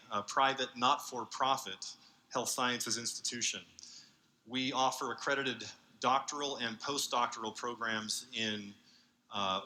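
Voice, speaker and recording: A man giving an earnest conference talk as a university researcher, speaking haltingly with many fillers. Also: medium pitch, pushed and bright, low-quality recording. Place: large convention hall.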